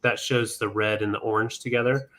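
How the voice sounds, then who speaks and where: Man with a bright, forceful voice hosting. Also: lowish voice, steady tone, fairly quick. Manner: chatty, rambling with many ums, counts down bids. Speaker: live online vintage sale host. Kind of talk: casual live-stream selling chat.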